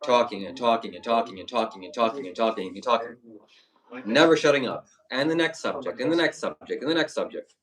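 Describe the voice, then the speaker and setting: A man hosting a livestream, answering calmly and cuttingly while dismissing his opponent. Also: mid-range voice, a little fast. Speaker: livestream host. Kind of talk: livestream debate. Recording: distant mic with faint noise.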